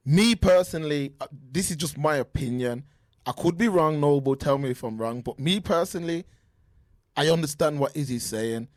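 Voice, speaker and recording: Man, casual sports podcast chat, slightly high voice, dry close sound, restarts a lot. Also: dry recording. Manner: animated, talks over himself with restarts. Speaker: podcast co-host. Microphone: remote call mic.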